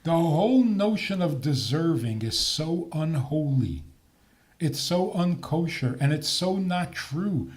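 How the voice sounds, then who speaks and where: A man's voice: on the high side, slow pace. An older man, a rabbi, giving a talk on faith with jokes and rhetorical questions. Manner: animated, joking, rhetorical questions.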